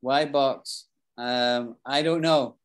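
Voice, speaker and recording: A British man teaching an English class, explaining expressions slowly, repeating key phrases and asking his students questions. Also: mid-range voice, steady tone. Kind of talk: live online English lesson.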